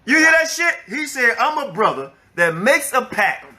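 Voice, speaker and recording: A man's voice: extremely high pitch, very animated, normal speed, sharp tone. A man, an elder of a religious group, angrily reacting to a clip with profane, preaching rebuttals. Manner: angry, profane, preaching, repeats the clip's words to rebut them. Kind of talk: heated reaction commentary.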